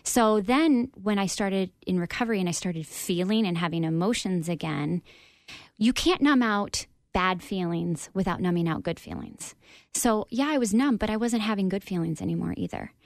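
A woman's voice: medium pitch, moderate pace, no room sound, studio quality. A woman guest on a radio interview, telling her personal story in an earnest, open, reflective way with frequent ums.

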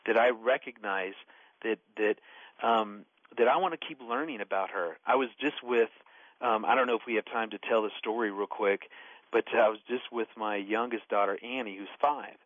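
A man in his forties, a radio talk guest, telling family stories in an animated way with bursts of laughter. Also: on the low side, moderate pace, dry recording. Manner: storytelling, animated and laughing while recounting. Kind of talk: radio talk about marriage. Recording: dull, dry radio studio sound.

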